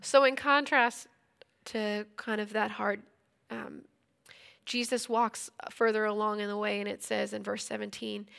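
Woman teaching scripture, gravelly voice. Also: mid-range voice, flat delivery, a little slow, fairly bright tone. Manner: conversational, retells scripture in everyday speech. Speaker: Bible study teacher. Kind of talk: casual devotional teaching.

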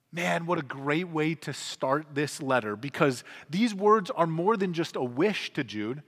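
A man's voice: a little high, animated, moderate pace, few pauses, fairly bright tone. A man in his thirties preaching a sermon as a pastor, earnest and conversational, with emphatic swells. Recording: long hall reverb.

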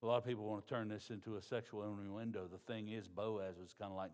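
A pastor, preaching a sermon in a conversational, folksy way. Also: male voice, on the low side, steady tone, moderate pace.

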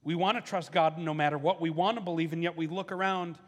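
A man's voice: steady tone, fast, long reverb tail. A man preaching a sermon as a pastor, talking in a conversational way and acting out the questions of the people he quotes. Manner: conversational preaching, acts out voices of questioners with rising pitch.

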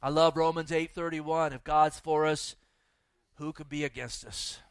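A man's voice: on the high side, fairly even intonation, a little slow, clear, resonant tone, no room sound. A male pastor preaching a fervent sermon to a church audience, exhorting the listeners and reading scripture. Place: church with a live and online audience.

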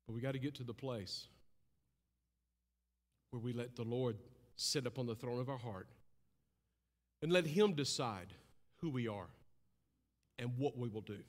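A man preaching a sermon with impassioned delivery, rising high and loud, then dropping low and hushed. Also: unhurried, long pauses. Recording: long hall reverb.

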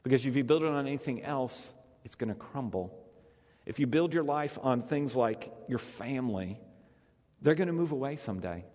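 Brief: male pastor, mid-pitched, conversational sermon with repeated phrases, long hall reverb. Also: animated, moderate pace, a little mellow.

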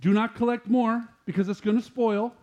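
High-voiced preaching man. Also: moderate pace. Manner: animated preaching, rising louder when quoting scripture. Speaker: pastor. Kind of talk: sermon.

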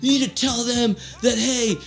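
A man who is a guest on a podcast, chatting casually and telling stories in an excitable way. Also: very high-pitched, normal speed, creaky, soft background music. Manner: excitable, laughing storyteller, says dude a lot. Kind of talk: casual chat.

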